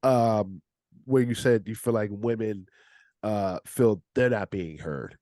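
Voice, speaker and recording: A man's voice: on the low side, slow pace, warm tone, no echo, clean studio sound. A man hosting a casual podcast interview, asking questions and agreeing often. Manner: affirming, asks questions with many restarts. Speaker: podcast host.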